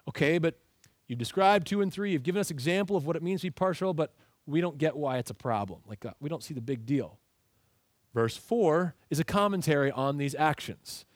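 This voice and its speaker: Male pastor, slightly higher voice, expository sermon with rhetorical questions, dry close mic. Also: no echo.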